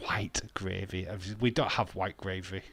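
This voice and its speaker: A man's voice: low voice, fairly even intonation, slow pace, vocal fry, a bit bright. A British man from the UK doing a casual live watch-along commentary, joking, swearing a lot and laughing often. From United Kingdom. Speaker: wrestling watch-along streamer.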